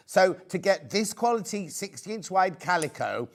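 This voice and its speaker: Guy on a shopping channel, bit high voice, rambling and worked up, begging folks to buy. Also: a little fast, few pauses. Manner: excitable, rambling, pleading with viewers. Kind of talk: live home-shopping sales pitch. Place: TV studio.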